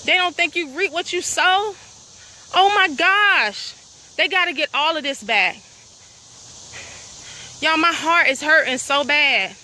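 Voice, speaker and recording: Out of breath on a rural trail, a property owner vlogs into her phone, upset and indignant, firing pointed questions at viewers while crickets chirp. Her voice sits high with a sharp tone, and she speaks unhurriedly, leaving long pauses.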